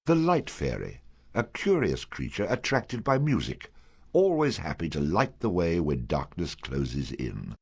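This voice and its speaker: An actor narrating a fantasy game as a wry storyteller, measured and dry. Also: male voice, deep voice, wildly swooping pitch, vocal fry, darkish tone, husky, heavily acted.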